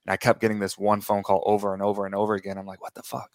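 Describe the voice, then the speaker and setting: A man's voice: on the low side, monotone, rapid-fire. A man in his thirties, a guest on a talk show, telling a long story in a rambling way, correcting himself and laughing as he goes. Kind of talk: casual interview storytelling.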